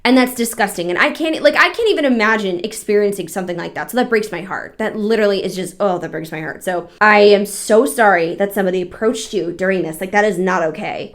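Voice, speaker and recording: A woman's voice: medium pitch, fast, hardly any pauses. A young adult woman hosting a casual reaction vlog, reading viewer stories aloud in an earnest, emotional way, swearing freely and using lots of fillers. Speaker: host.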